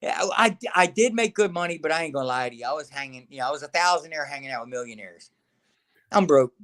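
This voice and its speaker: A middle-aged former wrestler tells backstage stories in a loose, chatty way. He acts out the other people's lines and keeps calling the listener man or brother. His voice sits a little high for a man. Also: quick pace. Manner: animated storyteller acting out quotes, says man and brother a lot. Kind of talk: casual storytelling interview.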